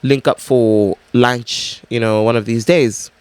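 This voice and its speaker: A man voicing a smooth-talking man who reaches out to his ex, speaking slowly and softly. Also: mid-range voice, fairly even intonation, natural voice. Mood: coaxing. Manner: slow, coaxing and soft.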